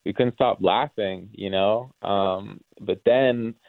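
A man calling in to a radio chat, talking haltingly with many ums and restarts. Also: lowish voice, gravelly, no room sound. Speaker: caller. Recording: tinny phone line.

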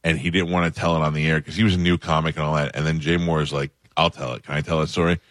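A man's voice: extremely low pitch, level tone, rapid-fire, a bit bright, no room sound, studio quality. A man hosting a radio talk show, chatting in an easygoing way. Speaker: radio host. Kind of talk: casual radio chat.

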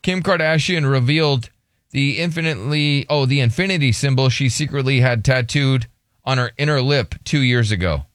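A man's voice: medium pitch, normal speed, fairly bright tone, dry recording, studio quality. A man hosting a radio show, joking around and reading headlines aloud in casual banter.

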